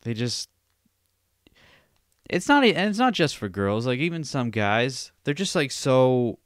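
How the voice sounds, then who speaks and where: A man's voice: mid-range voice, a little slow, dry recording, clean studio sound. A young man hosting a solo podcast, ranting and telling stories in a rambling, profane way. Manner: profane, rambling, animated storytelling. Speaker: podcast host.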